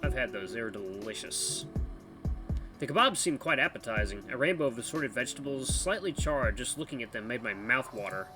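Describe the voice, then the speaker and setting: A man hosting a let's play, chatty and animated, reading game text and the main character's lines. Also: mid-range voice, a little fast. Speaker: gaming channel host. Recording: background music under voice.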